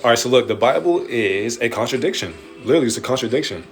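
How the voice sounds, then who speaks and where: A man hosting a late-night livestream, preaching in an animated way with slangy street talk and swearing. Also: mid-range voice, fast talker. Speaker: livestream host answering viewer questions. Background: faint music playing in the background.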